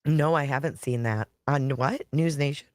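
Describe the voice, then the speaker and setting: A woman's voice: a bass voice, normal speed, darkish tone, no echo. A woman YouTube creator talking casually on a live stream, chatty and blunt, reading viewer comments and swearing now and then.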